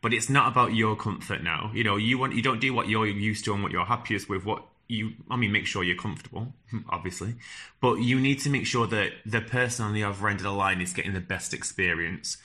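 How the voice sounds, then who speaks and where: A man's voice: fairly low pitch, fairly quick, bright, forceful tone. A man with a strong northern English accent giving direct, earnest advice on phone interviews, with frequent fillers and restarts. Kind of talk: advice talk to camera.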